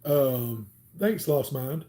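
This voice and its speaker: Mellow Southern man telling stories. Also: medium pitch, lively intonation, drawn-out words. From Alabama, US. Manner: rambling, chatty, many "um"s. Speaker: channel host. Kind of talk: casual livestream storytelling.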